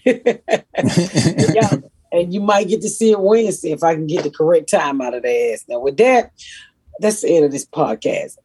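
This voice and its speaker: Woman comic, raspy, swears a lot, dry close sound. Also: fairly low pitch, lively intonation, unhurried, mellow, no room sound. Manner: profane, blunt storytelling. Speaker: podcast host, comedian. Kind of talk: casual podcast chat.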